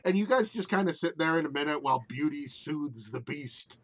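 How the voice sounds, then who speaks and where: A man's voice: a little high, lively intonation, brisk. A young man running a tabletop game, narrating with lots of fillers and rambling asides. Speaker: game master.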